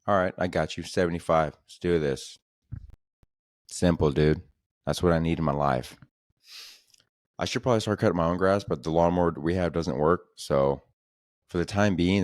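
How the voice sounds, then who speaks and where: A man with a deep, low voice tells rambling comedic stories for his podcast. He talks loosely and profanely, full of slang and "dude". The sound is dry and close, with no room around it. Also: no echo. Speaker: podcast host. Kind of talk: casual comedic storytelling.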